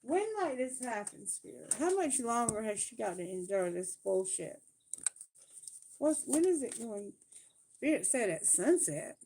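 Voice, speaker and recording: A woman doing a live tarot reading, talking bluntly and emphatically, swearing freely and asking Spirit questions out loud. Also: a little high, sing-song, measured pace, slight background noise. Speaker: tarot reader.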